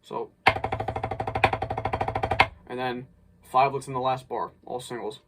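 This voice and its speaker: A man's voice: mid-range voice, steady tone, takes it slowly, loud music behind the voice. A man casually breaking down a snare drum part as an instructor, thinking aloud with small restarts. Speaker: drumline instructor.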